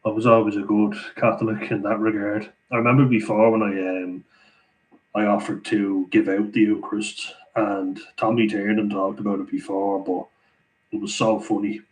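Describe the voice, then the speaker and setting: A man's voice: on the low side, flat delivery, normal speed, poor audio. An Irish man hosting a casual live Q&A, chatting and laughing as he reads out viewer comments. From Ireland. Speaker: livestream host answering viewer chat.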